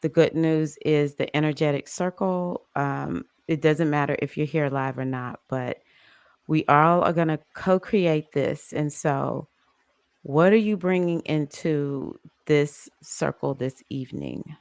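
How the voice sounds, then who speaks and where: A woman hosting a live online women's circle, reading out chat comments in a soft, affectionate, unhurried way. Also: low voice, gravelly, smooth, dry recording. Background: music playing.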